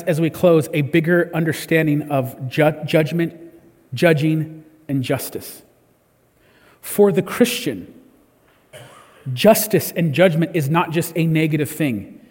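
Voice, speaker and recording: A man's voice: fairly high pitch, a little mellow, breathy edge, long reverb tail. A man preaching a sermon in a conversational way, often restarting his words. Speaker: pastor. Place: church service.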